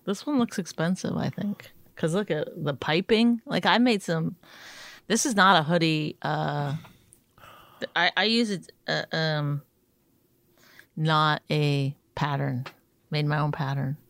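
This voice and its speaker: A woman's voice: deep voice, vocal fry, a bit bright, dry recording. Sardonic woman bantering dryly. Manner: sardonic, self-mocking, quick comebacks. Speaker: podcast co-host. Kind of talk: casual banter with her husband.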